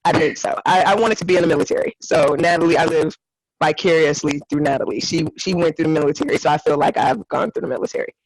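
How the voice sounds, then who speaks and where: A woman's voice: low voice, quick pace, darkish tone, dry recording, rough recording. A woman co-hosting a casual spiritual podcast chat, effusive and given to acting out what others said. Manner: effusive, acts out others' lines in quoted voices. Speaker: podcast co-host.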